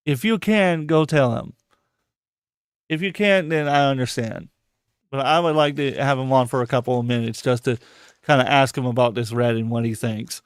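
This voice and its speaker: Male podcast host, heated profane rambling delivery, crisp tone, dry sound. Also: mid-range voice, moderate pace, dry recording. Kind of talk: casual live podcast chat.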